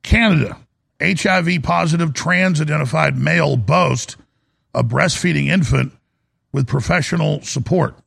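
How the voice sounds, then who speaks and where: Male broadcast host, very gravelly, husky tone, rambling monologue with restarts and emphatic bursts. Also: a little high, normal speed, a bit bright, dry recording, studio quality. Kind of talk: monologue commentary. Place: broadcast studio.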